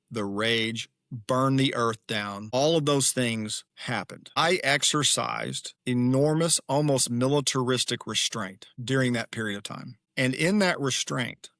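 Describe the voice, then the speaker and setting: A man's voice: mid-range voice, bright, forceful tone, no room sound, clean studio sound. A middle-aged man, a podcast guest and author, speaking in an earnest, emphatic, reflective interview manner. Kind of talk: candid interview talk.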